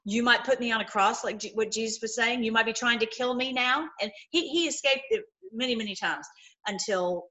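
A woman giving an informal, impassioned sermon, swinging between loud outbursts and low murmurs, with many repeated words. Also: brisk. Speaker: preacher.

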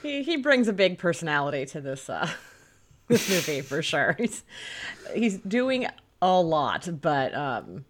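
A woman's voice: low voice, very animated, measured pace, slight background noise. Chatty woman co-hosting a film podcast. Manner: chatty, laughs often, frequent fillers and restarts. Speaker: podcast co-host. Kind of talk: casual film discussion.

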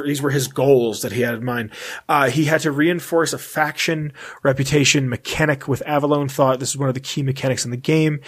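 Male podcast host, mid-pitched, casual delivery: reads text aloud and tosses in offhand comments. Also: a bit bright. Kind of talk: casual podcast chat, reading notes aloud.

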